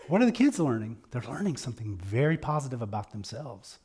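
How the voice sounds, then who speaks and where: A man giving a conversational sermon at a church service, earnest and folksy, moving between loud emphasis and quiet asides. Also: medium pitch, big pitch swings, fairly quick, few pauses, husky.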